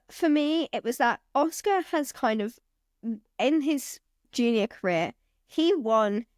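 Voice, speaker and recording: Woman, podcast co-host, earnest, animated intonation, dry recording. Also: a little high, dry recording. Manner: earnest, reasons through her picks. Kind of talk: casual podcast chat.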